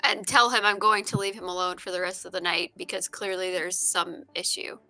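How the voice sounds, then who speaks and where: A woman's voice: lowish voice, little pitch movement, a little fast, sharp tone, no room sound, faint music behind. A woman playing a tabletop game, talking casually with some hesitation. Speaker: player.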